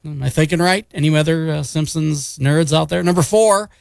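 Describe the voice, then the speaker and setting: A man's voice: a little high, moderate pace, gravelly, clear, resonant tone, no echo. A male radio DJ with an upbeat, chatty manner, reading fun facts and the weather. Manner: upbeat, chatty, jokes at his own slips. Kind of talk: morning radio patter and weather read.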